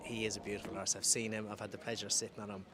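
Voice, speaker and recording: A man, a former jockey, explaining calmly and with expertise in an outdoor parade ring. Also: on the low side, very fast, background noise. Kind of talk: interview.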